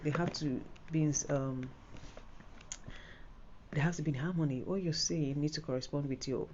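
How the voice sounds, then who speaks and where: A woman's voice: low voice, fairly quick, darkish tone, muffled recording, a little hiss or hum. A Nigerian woman giving a casual, rambling spoken tutorial on an exam, full of fillers and restarts. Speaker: IELTS tutor.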